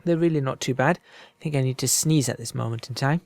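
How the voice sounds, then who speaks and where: A gaming video creator rambles through let's-play commentary, poking fun at himself, speaking into a desk microphone close to his mouth. His voice is medium-pitched and brisk, with no echo.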